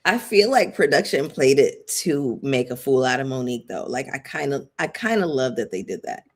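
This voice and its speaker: A woman's voice: rumbling low, big pitch swings, normal speed. A woman giving casual live-stream commentary on a reality show, chatty and emphatic, addressing viewers directly.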